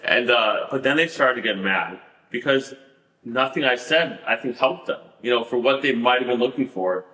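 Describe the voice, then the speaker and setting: A man's voice: medium pitch, moderate pace, bright, forceful tone, reverberant, poor audio. A man telling his story as a podcast guest, rambling with many fillers and laughing at the absurd parts. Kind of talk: storytelling in a casual interview.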